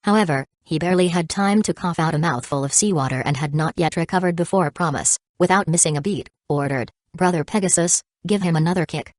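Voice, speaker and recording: A woman narrating an audiobook of a web novel in a steady, even reading. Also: deep voice, a little fast, few pauses, dry recording, clean studio sound.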